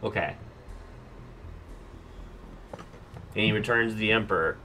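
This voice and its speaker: Excitable man commenting on a game. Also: fairly low pitch, slow, slight background noise. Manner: excitable, swears casually. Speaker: gaming channel host. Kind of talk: let's play commentary.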